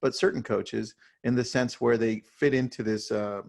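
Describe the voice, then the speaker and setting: Gravelly-voiced man telling stories as a guest. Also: mid-range voice, normal speed. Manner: energetic, tags points with "right?". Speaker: real estate agent and team leader, guest. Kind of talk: podcast interview, storytelling.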